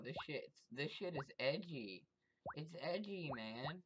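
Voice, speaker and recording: A gameplay commentator who trash-talks enemies in profane, excitable bursts and yelps when startled. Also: mid-range voice, takes it slowly, noisy background. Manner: taunts the game's enemies directly. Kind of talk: let's-play commentary.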